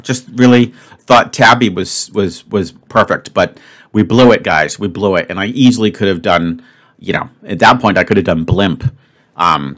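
A man's voice: low-pitched, fairly bright tone. A man casually talking through a word puzzle as the host of his video, chatty and upbeat, thinking aloud with lots of fillers. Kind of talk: casual commentary while solving a puzzle.

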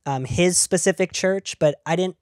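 A man's voice: high-pitched, normal speed, no room sound, clean studio sound. Rambling man chatting on a comedy podcast. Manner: rambling, many fillers and restarts, laughs mid-sentence. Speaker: podcast co-host. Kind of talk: casual comedic chat.

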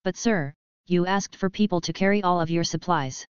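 A woman's voice: lowish voice, normal speed, clean tone, no room sound, natural voice. Woman reading as a fawning nervous bank head. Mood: eager. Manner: fawning and apologetic. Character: nervous, eager-to-please man bank head. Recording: dry, dull lo-fi.

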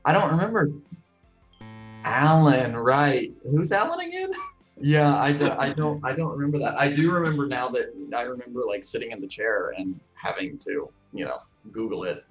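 A man's voice: medium pitch, lively intonation, moderate pace, soft background music. Guy in his 20s rambling through trivia answers, laughs at himself, kinda dull sound. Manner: chatty, self-deprecating, thinks out loud. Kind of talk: casual trivia chat.

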